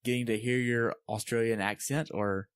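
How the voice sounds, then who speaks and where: A man's voice: medium pitch, fairly even intonation, normal speed, smooth. A male podcast host with a mid-range voice keeps his replies short and friendly. The sound is dry, with little room echo. He speaks as a coach talking to athletes. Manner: friendly, brief replies, upbeat outro. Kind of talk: interview host and podcast outro.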